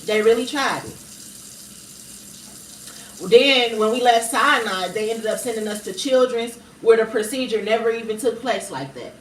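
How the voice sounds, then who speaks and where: A woman's voice: fairly high pitch, lively intonation, normal speed. Fired-up woman ranting, roomy and distant. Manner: profane, fired up, repeats herself for emphasis. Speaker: mother telling a story on a livestream. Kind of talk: heated storytelling rant. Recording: roomy sound, distant from the mic, faint background noise.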